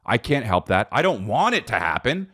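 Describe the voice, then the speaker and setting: This podcast-hosting comedian rambles through a profane, animated routine, calling the listener dude. His mid-range voice moves at a moderate pace and has a breathy edge.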